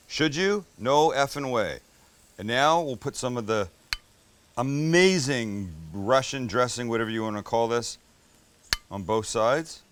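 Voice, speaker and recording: In a kitchen with a flat-top grill, a middle-aged man hosts a cooking show, chatting casually and enthusiastically while he cooks, joking and swearing a little. His mid-range voice is a bit bright, with slight background noise.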